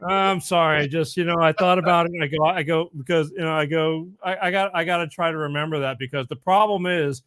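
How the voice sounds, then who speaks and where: A man's voice: a little high, fairly even intonation, a little fast, hardly any pauses, fairly bright tone, clear, resonant tone, no room sound, clean studio sound. A middle-aged man hosting a podcast, chatting casually and rambling a bit. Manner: rambling, self-interrupting. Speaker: podcast host. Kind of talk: casual chat, telling a joke.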